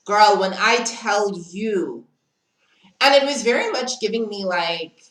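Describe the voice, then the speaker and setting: A woman's voice: medium pitch, expressive, takes it slowly, fairly bright tone, echoey room, rough recording. A woman telling a dramatic storytime in casual chat, often calling the listener "girl". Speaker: storytime vlogger.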